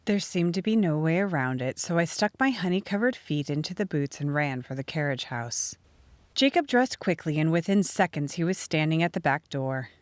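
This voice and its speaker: Casting: animated female audiobook narrator, lowish voice, dry close sound. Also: moderate pace, no echo. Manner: expressive, animated reading. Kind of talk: first-person storybook narration.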